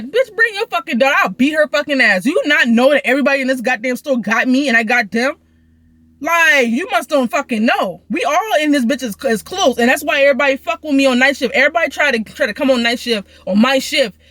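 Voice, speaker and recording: A woman's voice: high voice, a bit bright, no echo. A young woman venting through a profane, heated storytime rant. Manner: heated, profane, rapid ranting.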